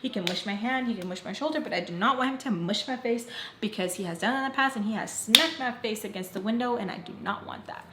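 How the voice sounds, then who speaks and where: A young woman retelling a personal story in a casual, animated storytime vlog, acting out the quoted lines. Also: on the high side, quick pace, very noisy. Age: young adult. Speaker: storytime vlogger. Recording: roomy echo.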